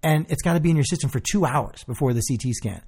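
A young man talks fast in a gravelly, husky voice, rattling through an animated story. He swears freely and jumps into the voices of the people he quotes. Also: mid-range voice. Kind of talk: casual storytelling chat.

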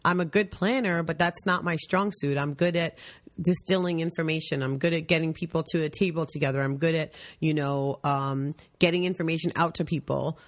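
A woman with a notably low-pitched voice co-hosts a podcast in casual, unscripted chat. She speaks bluntly and frankly and swears freely. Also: steady tone, a little fast. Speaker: podcast co-host.

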